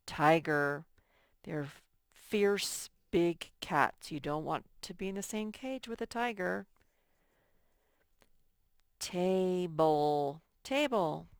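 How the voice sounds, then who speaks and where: A woman teacher leading a first-grade spelling lesson, slowly sounding out each word syllable by syllable. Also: mid-range voice, lively intonation, gravelly, no room sound, studio quality. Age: adult. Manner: slow, sounds out words syllable by syllable.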